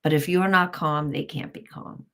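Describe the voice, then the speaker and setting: A woman's voice: low voice, normal speed. A woman, a parenting author, giving advice as a guest in an interview and acting out what a parent would say. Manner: animated, acts out what a parent says.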